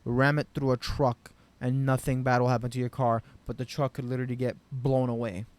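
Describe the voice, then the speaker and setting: Male vlogger, mid-pitched, ranting off the cuff about a game, profane and exasperated. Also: little pitch movement, brisk. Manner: profane, rambling, frustrated ranting with loud bursts. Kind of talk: unscripted game review rant.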